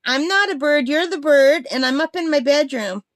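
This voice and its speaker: Playful high-voiced woman cooing at her pet. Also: moderate pace, no room sound, studio quality. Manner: playful baby talk, frequent laughing. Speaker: craft vlogger, pet owner. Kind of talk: casual talk to her pet. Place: upstairs bedroom.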